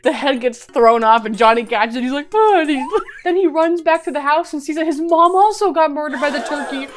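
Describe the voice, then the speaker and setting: A young woman giving a comedic movie recap, animated and laughing often, swearing as she acts out the characters. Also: high voice, brisk, slight background noise. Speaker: commentary host.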